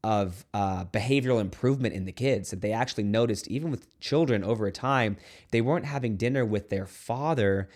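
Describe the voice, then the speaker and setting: A man's voice: on the low side, a little fast, a little mellow. A man who is a Catholic priest, giving an earnest, conversational video homily to camera with playful asides. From United States.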